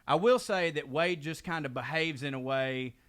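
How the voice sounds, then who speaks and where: A man's voice: a little high, moderate pace, fairly bright tone, clean tone. A man, a podcast co-host telling a story in rambling, profane casual chat while a bit tipsy. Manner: rambling, profane, doing voices of people he quotes. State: drinking, tipsy.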